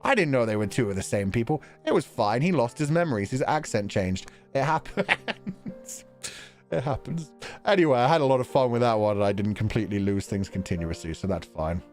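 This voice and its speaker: A young man streaming casually, chatting with viewers in an animated way, laughing often and swearing casually. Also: lowish voice, fast talker, hardly any pauses. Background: faint background music.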